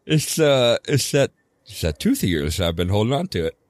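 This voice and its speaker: A man's voice: medium pitch, sing-song, normal speed, no echo. A man playing his character in a tabletop game, wheedling and playful, chuckling as he talks. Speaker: player.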